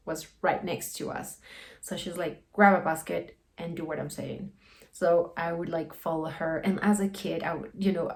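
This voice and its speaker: A woman's voice: on the low side, creaky, a little mellow. A young adult woman telling a personal story in a casual, rambling way, full of "like" and "you know". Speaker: guest sharing a personal story.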